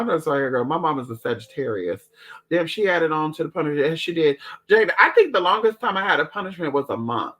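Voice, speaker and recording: A man tells family stories in casual, profane, dramatic chat. His voice sits a touch high and bright. He keeps calling his listeners "girl" as he talks. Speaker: storyteller.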